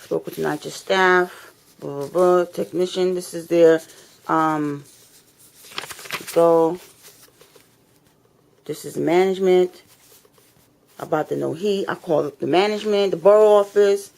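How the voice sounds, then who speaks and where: Her voice is on the low side and a little mellow, with a steady tone, a creaky quality, a slow pace and long pauses. The tenant rants to her phone camera inside her apartment, an angry, repetitive, confrontational complaint video full of swearing from someone fed up.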